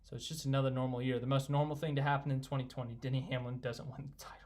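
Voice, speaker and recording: Young male streamer, casual and excitable, rambles between reading viewer comments; ordinary mid-range voice. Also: mid-range voice, very fast. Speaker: live stream host. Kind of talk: casual live stream chat.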